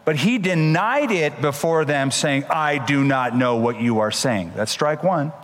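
Guy preaching, lively and emphatic, kinda higher voice, big echoey hall. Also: measured pace. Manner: animated, emphatic Bible storytelling. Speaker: pastor. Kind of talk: sermon.

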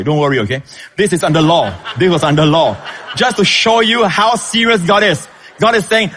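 A man preaching a sermon as pastor, emphatic, with sudden leaps in pitch when stressing a point. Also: normal speed, a bit bright, slightly rough.

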